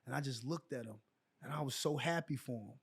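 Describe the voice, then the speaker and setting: A man in his forties from New York, a guest on a podcast, telling animated stories full of "like" and "so". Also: mid-range voice, brisk, breathy edge. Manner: lively anecdotes packed with "like" and "so". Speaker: guest, former pro basketball player. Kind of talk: animated storytelling in a podcast chat.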